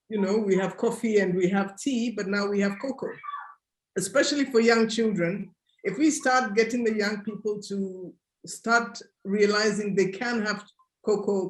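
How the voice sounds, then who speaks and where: A woman's voice: medium pitch, roomy sound. A woman cocoa grower answering earnestly on a webinar panel over a video call, thinking aloud as she goes.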